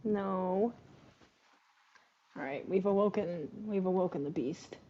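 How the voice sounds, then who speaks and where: A woman's voice: lowish voice, slow, lo-fi sound. A woman hosting a casual live stream, chatting and coaxing her pets in between bits of play-by-play.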